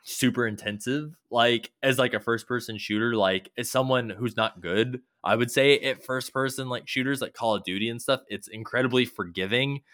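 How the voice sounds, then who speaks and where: A man's voice: mid-range voice, moderate pace, hardly any pauses, a bit bright, no room sound, studio quality. A man casually rambling about a video game, loose and swearing now and then, with many fillers.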